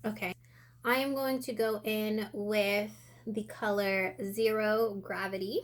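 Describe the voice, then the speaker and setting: A woman walks through her makeup routine in an unhurried, easygoing way, her voice at a middle pitch. She chats and thinks aloud as she works, sounding a little out of breath. The talk is casual and relaxed, like a home tutorial. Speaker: beauty vlogger. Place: indoor room with sunlight coming in.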